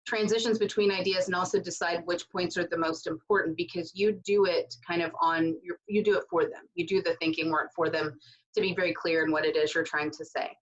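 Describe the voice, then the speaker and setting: A woman's voice: on the low side, steady tone, brisk, highs cut off. A woman teaching a casual recorded writing lesson from home, speaking loosely with many fillers and asides. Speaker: writing instructor.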